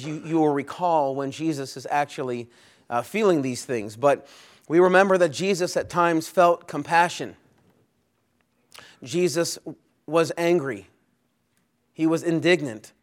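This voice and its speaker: Earnest man preaching a Sunday sermon. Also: fairly high pitch. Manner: earnest, emphatic, builds lists with rising force. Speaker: pastor. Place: church.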